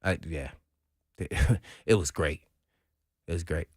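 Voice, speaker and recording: A man's voice: very deep voice, slow pace, no room sound, clean studio sound. A man, a radio co-host and former football player, talking sports casually and acting out quotes with frequent laughs. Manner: animated storyteller, laughs often, acts out quotes. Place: radio studio.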